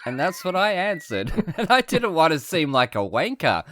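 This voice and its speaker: A man, a podcast co-host telling an embarrassing story in casual chat, animated and self-mocking, laughing often. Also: fairly high pitch, moderate pace.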